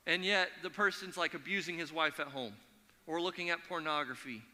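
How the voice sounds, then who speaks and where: Bright-voiced preacher in a hall. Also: male voice, on the high side, brisk. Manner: animated storytelling, acts out quoted voices. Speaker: pastor. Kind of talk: sermon. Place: church sanctuary.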